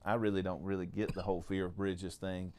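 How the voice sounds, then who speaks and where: A man's voice: deep voice, level tone, a little fast, a little mellow. A man hosting a faith podcast, chatting casually and telling jokey, folksy stories with frequent restarts. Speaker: podcast host.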